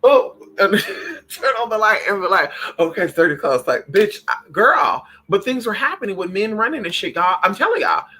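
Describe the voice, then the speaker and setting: Man, casual livestream chat, sharp bright tone, somewhat high voice, cusses freely, calls everyone honey. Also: moderate pace, slightly rough, poor audio. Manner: animated, profane, calls listeners honey and girl. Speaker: spiritual livestream host.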